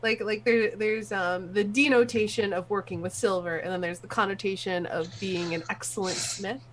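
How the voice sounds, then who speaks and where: A woman's voice: mid-range voice, steady tone, normal speed, a little hiss or hum, poor audio. A woman player in a tabletop game voice chat, chatty with frequent laughs and fillers. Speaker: player and artist.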